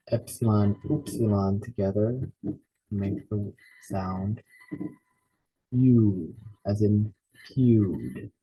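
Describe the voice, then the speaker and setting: Slow, deliberate man teaching. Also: lowish voice, mellow, slightly rough, poor audio. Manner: slow, deliberate, repeats each word. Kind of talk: slow spoken lesson naming Greek letters.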